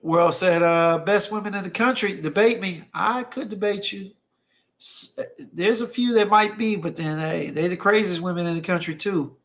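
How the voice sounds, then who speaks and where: A man's voice: sits high, moderate pace, fairly bright tone. A man hosting a stream, telling casual stories in an emphatic way and often repeating phrases for effect. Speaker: livestream host reading chat. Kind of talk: casual storytelling chat.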